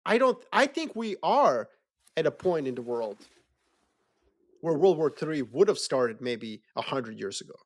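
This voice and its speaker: A man talking politics in a loose, animated way, swearing freely and acting out quick mocking voices. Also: a little high. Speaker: podcast co-host. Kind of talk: casual geopolitical discussion.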